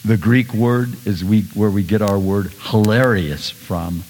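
A male pastor preaching a sermon, animated, swinging between loud bursts and soft asides. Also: on the low side, a little slow, big-room sound, a little hiss or hum.

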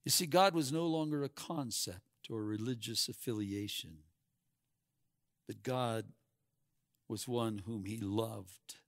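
A man preaching a sermon, swinging from hushed, quiet passages to loud, emphatic peaks. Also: on the low side, slow, vocal fry, pauses often, dry recording, clean studio sound.

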